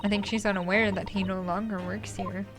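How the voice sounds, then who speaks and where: A woman's voice: mid-range voice, little pitch movement, a little fast, pitched below the performer's own voice, lightly acted. A woman reading a polite young male detective with formal, courteous questions, game music behind. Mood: earnest.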